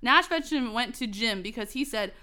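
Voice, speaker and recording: Giggly high-voiced woman reading aloud. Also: expressive, bright, forceful tone. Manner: halting read-aloud, stumbling over bad grammar; frequently breaks into giggling fits. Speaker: podcast co-host. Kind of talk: reading fan fiction aloud for comedy.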